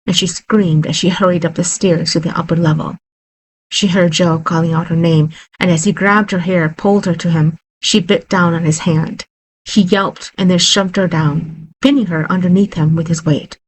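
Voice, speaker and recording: A woman narrates a horror story in a steady, unhurried reading voice. Her voice is husky and sits a little low for a woman. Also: poor audio.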